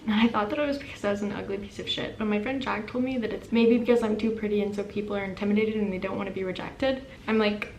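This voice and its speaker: A young woman vlogger telling a story in casual, animated, self-deprecating chat. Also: mid-range voice, a little hiss or hum. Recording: echoey room with faint ambience.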